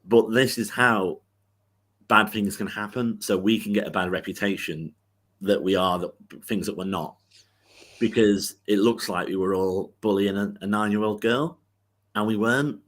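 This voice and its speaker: Low-voiced man telling a rambling story. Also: normal speed, fairly bright tone. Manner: rambling anecdotal storytelling with many fillers and restarts. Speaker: football podcast co-host. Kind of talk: casual chat.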